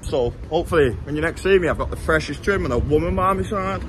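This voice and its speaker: A man's voice: a little high, animated, fast, noisy background. Chatty, swearing young man on the street. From England. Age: 20s. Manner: chatty, blunt and jokey, swearing freely. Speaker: travel vlogger. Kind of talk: casual walking vlog. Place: city streets outdoors.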